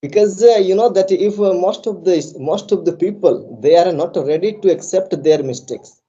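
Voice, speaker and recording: A man's voice: high voice, normal speed, mellow, muffled recording. A man with an Indian English accent, coaching a student in a live online English lesson, earnest and repetitive in his phrasing. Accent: Indian English, put on as South Indian. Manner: earnest, coaching, repeats "just I" and "I tell you". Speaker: spoken English trainer.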